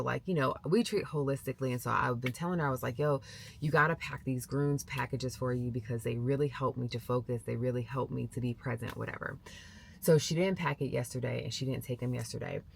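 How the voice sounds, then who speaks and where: Gravelly-voiced woman vlogger. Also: rumbling low. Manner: animated, acts out quoted voices. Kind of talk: casual storytelling to camera.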